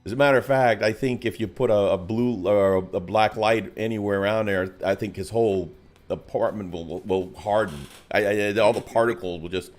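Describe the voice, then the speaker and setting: A man's voice: fairly low pitch, normal speed. A man co-hosting a casual hobby podcast, joking and rambling, often trailing off into a mutter. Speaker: co-host.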